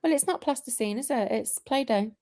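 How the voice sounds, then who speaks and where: Dry, higher-voiced woman with a teacherly tone. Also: brisk, a little mellow, no echo. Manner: authoritative teacher-like voice, laughs often. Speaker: livestream co-host reading chat. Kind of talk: casual group chat on a livestream. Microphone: video call.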